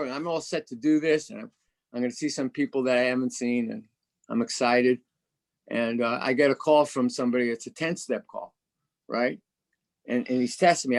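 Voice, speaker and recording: A man's voice: medium pitch, normal speed. A man giving a candid, self-mocking personal share at a recovery meeting as a guest speaker, often stammering and repeating words over a video call.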